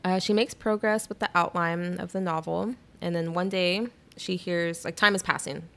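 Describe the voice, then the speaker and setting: Young female podcast co-host; lower register, lively storyteller who keeps throwing in quick asides. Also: gravelly. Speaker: podcast co-host retelling a novel. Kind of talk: casual chat.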